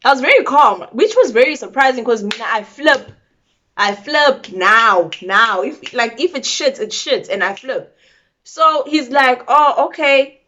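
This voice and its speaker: Young woman, South African accent, high-ish voice, blunt animated storyteller, lo-fi audio. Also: normal speed. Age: young adult. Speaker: vlogger. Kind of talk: casual storytime.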